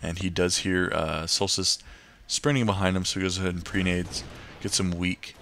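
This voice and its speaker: A man's voice: low voice, level tone, normal speed, fairly bright tone, a little hiss or hum. A young man giving casual, rambling gameplay commentary and tips, full of fillers and restarts.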